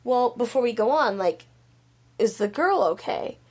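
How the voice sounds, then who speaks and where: A woman's voice: on the high side, expressive, measured pace, darkish tone, slightly rough. A woman putting on the lines of a touchy young shut-in man who takes offense easily, in a casual retelling. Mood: indignant.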